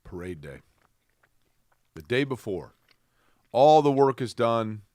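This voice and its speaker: A man's voice: mid-range voice, expressive, slow, a little mellow, no room sound, studio quality. A man co-hosting a sports podcast, easygoing and playfully fussy. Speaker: podcast co-host. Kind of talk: casual sports chat.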